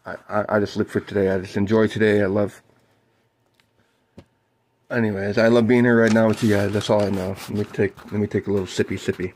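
A man doing live play-by-play of a basketball game for his stream, whooping and shouting on big plays and chatting mellowly with his viewers between plays. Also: medium pitch.

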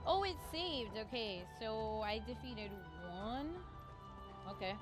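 A young woman streaming a video game, reacting with excited exclamations and groans as she plays. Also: a little high, slow pace. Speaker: gaming streamer. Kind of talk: live gameplay commentary. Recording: voice over loud game music.

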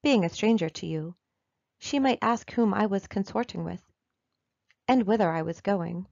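A woman's voice: medium pitch, normal speed, creaky, a little mellow, no echo, muffled recording, lightly acted. Woman reading an uneasy young Puritan man.

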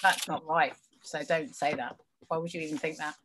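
A woman's voice: low-pitched, steady tone, normal speed, fairly bright tone, slight background noise. Dry-witted woman quiz co-host. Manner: dry, bickering. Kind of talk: casual comic banter. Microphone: video call.

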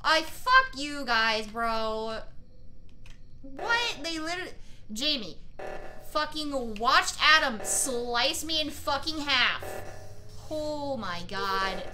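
A woman's voice: a little high, expressive, slow pace, faint music behind. A woman streaming a party game online, swearing and ranting in exasperated outbursts. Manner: profane, exasperated ranting, shouting and laughing in outbursts. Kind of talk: casual gaming chat.

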